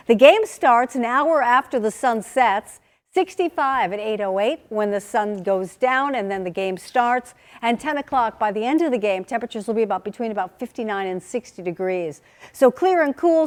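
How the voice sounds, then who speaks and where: A woman delivers a chatty TV weather forecast from the studio. Her voice sits somewhat high and stays clear throughout.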